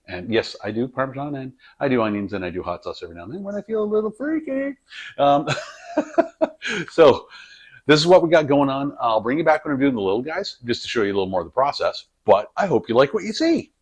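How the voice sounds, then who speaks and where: A man's voice: mid-range voice, sing-song, fast talker, slightly rough. A man hosting a home cooking vlog, chatting in a rambling, jokey way while he works in his kitchen. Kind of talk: casual cooking vlog chat. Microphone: camera on a tripod.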